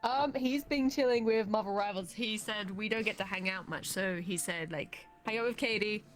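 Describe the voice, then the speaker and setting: A woman's voice: mid-range voice, normal speed, soft background music, poor audio. A woman with a Yorkshire-tinged British accent, chatting casually with a friend in a playful, blunt way. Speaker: streamer's friend. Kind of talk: casual chat.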